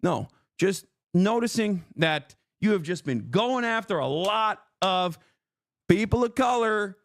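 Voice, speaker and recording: A man's voice: sits high, lively intonation, takes it slowly, vocal fry. A man in an angry, confrontational on-stream rant, swearing often.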